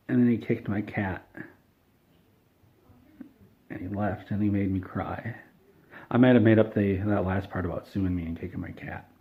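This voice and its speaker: A man telling an absurd made-up story in a deadpan, rambling way. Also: on the low side, normal speed, pauses often. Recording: tinny phone-like sound.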